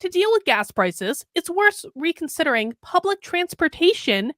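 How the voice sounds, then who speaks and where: Sarcastic high-voiced woman commentator. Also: sing-song, normal speed, fairly bright tone, dry recording, clean studio sound. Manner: sarcastic, mocking read-aloud with chatty asides. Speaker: political commentary host. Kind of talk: sarcastic commentary reading an article.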